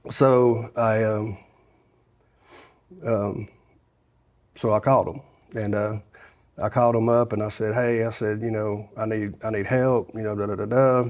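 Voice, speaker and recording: His voice on the low side and flat, this middle-aged man speaks at a measured pace and pauses often. A guest from Sevier County, Tennessee, he gives his testimony in a casual interview, rambling through his life story with frequent restarts and "you know"s.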